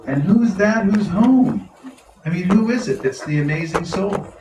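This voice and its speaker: His voice sits high and moves a bit slowly as he, a spiritual teacher, tells stories with animated, laughing enthusiasm in a devotional talk. A live audience fills the large room, and the distant mic picks up the hall's roomy sound.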